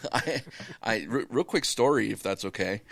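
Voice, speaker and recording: A man co-hosting a podcast, telling a bar story in a relaxed way and laughing often. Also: fairly low pitch, unhurried, gravelly. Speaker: podcast co-host. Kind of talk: casual podcast banter.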